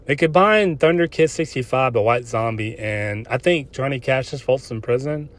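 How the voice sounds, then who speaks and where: A man's voice: medium pitch, moderate pace. Older guy ranting on his podcast, swears a lot, keeps restarting his sentences. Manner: profane, rambling, restarts often. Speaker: podcast host. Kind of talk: casual solo podcast rant.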